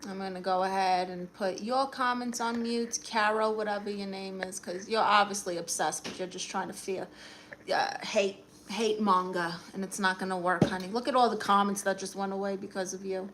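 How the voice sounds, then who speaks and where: A woman's voice: medium pitch, fairly even intonation, moderate pace, a bit bright, slight background noise. A woman with a Brooklyn accent hosting a casual livestream, sassily answering viewers' comments and calling them honey. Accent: Brooklyn New York. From Brooklyn, New York. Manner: sassy, teasing, calls viewers honey. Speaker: livestream host giving advice.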